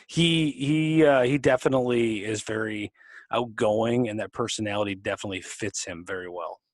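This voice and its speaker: A podcast co-host chats casually, rambling and restarting his sentences. His voice is fairly low, at normal speed, in a dry, studio-quality recording.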